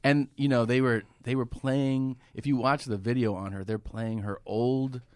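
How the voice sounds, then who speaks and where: A man's voice: mid-range voice, steady tone, normal speed, smooth, no room sound. A man, a comedian, telling stories in a casual podcast studio chat, swearing freely and laughing as he goes. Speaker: comedian guest. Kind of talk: casual storytelling conversation.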